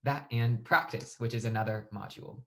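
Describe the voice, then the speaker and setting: A man's voice: medium pitch, fairly quick, gravelly. Young man explaining speech delivery. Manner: plain, even delivery with occasional fillers and restarts. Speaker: debate instructor. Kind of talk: explanatory lesson.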